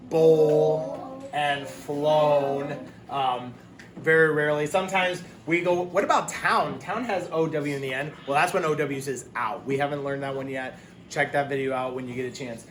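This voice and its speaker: A man's voice: a little high, normal speed. A man teaching a phonics lesson, patiently drilling words and praising the class, with frequent ums. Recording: echoey room with loud background hiss.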